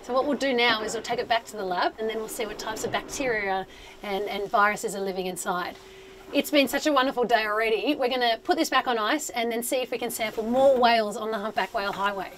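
A woman scientist, giving excited live commentary outdoors on a boat at sea. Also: a little high, fast, background noise. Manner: excitable, exclaiming. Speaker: marine scientist.

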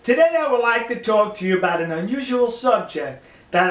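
A man, speaking, delivers a mocking, emphatic opinion rant to his viewers, stressing words slowly. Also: high voice, animated, echoey room. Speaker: video commentator. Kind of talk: ranting opinion monologue.

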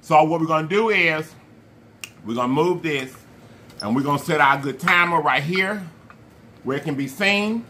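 High, bright-voiced playful vlog host. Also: male voice, a little hiss or hum. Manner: animated, playful, drawn-out hype calls; slang-heavy, addresses viewers as y'all. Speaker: mukbang channel host. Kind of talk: casual vlog talk to viewers.

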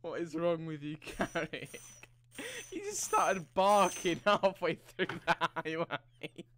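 Bright, high-voiced mocking man. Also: a little hiss or hum. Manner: mocking, sweary, quick to shout. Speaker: online game player. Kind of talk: rowdy gaming banter.

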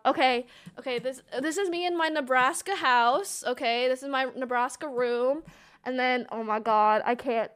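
A young woman chats casually on her stream, excitable and quick to giggle. Her voice sits high, and she swears freely and breaks into squeals. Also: clear, resonant tone. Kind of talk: casual livestream chat, reacting to an old clip.

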